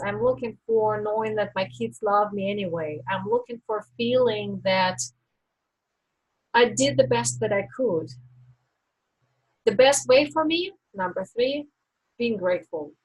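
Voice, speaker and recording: A woman life coach giving a live-stream coaching talk, teaching in a slow, deliberate way with reflective pauses. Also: on the high side, slightly rough, low-quality recording.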